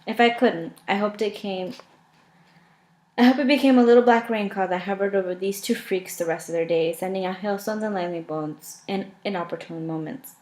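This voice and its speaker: A woman's voice: mid-range voice, fairly even intonation, moderate pace, a little mellow. A woman reading a first-person novel aloud in a casual, unpolished way, correcting her own slips as she goes. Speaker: audiobook reader.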